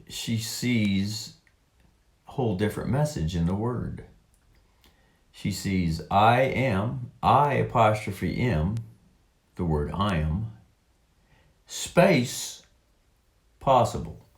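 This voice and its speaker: A man slowly reading a text aloud and commenting on it in a rambling monologue, halting with drawn-out words and many fillers. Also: fairly low pitch, reverberant. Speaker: online commentator.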